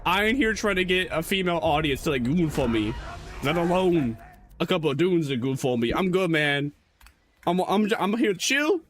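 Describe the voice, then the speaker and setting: A man's voice: fairly high pitch, lively intonation, normal speed, fairly bright tone. A man streaming as a VTuber, chatting casually in a rambling, joking way and correcting himself as he goes, with lots of stammered restarts. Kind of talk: casual livestream chat.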